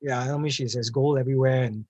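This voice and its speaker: A man's voice: medium pitch, steady tone, fast talker, dark tone, dry recording, muffled recording. A man, a panel speaker giving an earnest, emphatic storytelling answer and often restarting his words.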